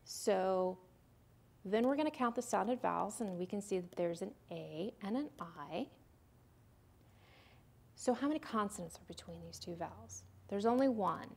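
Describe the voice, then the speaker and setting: Gravelly-voiced woman teaching phonics. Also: medium pitch. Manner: patient, step-by-step teacherly explaining with questions to the listener; models the sounds aloud. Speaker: literacy presenter. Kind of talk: recorded lecture.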